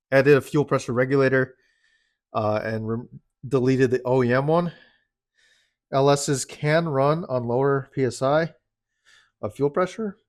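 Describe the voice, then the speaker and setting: A car enthusiast vlogger talks through car parts in a cold, dim home garage, sounding out of breath. His medium-pitched voice comes across with studio quality and no room sound. His explaining is casual and halting, full of fillers and restarts.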